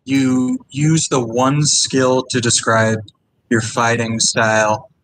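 A man's voice: mid-range voice, slow, fairly bright tone, slight background noise, low-quality recording. A man as game master, patiently explaining game rules to players.

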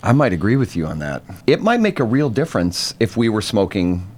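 A man with a very low voice talks through flavors in a casual podcast chat. He lays out tastes carefully, reaching for comparisons to food and drink. He speaks as an easygoing co-host, building his descriptions point by point. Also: sing-song, a little fast, darkish tone. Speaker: podcast co-host reviewing cigars.

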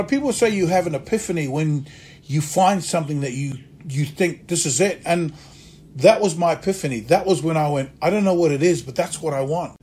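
A male actor and acting teacher telling stories from his career in a lively way, acting out the voices of people he quotes. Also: sits high, husky. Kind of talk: conversational storytelling interview.

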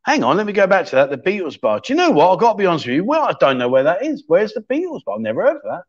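A man's voice: sits high, huge pitch swings, rapid-fire, muffled recording. Cheeky man hosting a livestream. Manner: cheeky banter with viewers in chat. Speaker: livestream chat show host. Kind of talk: casual livestream chat, running a quiz.

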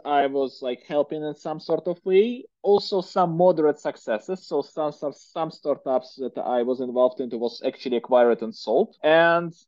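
A man in his thirties speaks with a Russian accent, chatting freely as an interview guest with plenty of "like" and "you know". His voice sits a little high for a man. The recording is dry and somewhat dull and lo-fi. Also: normal speed, few pauses, darkish tone, no echo. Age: 30s. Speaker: guest entrepreneur. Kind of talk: casual interview conversation.

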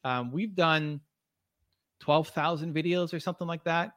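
A man's voice: a little high, a little slow, a bit bright, dry recording. Earnest motivational man, dry close sound. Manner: earnest, motivational, many restarts and fillers. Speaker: podcast guest, video creator. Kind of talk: conversational interview.

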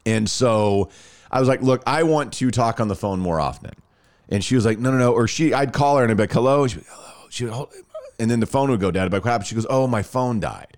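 On a podcast, a man in his thirties casually tells a personal story, animatedly acting out the quoted dialogue. His voice sits at a medium pitch and moves at a quick pace.

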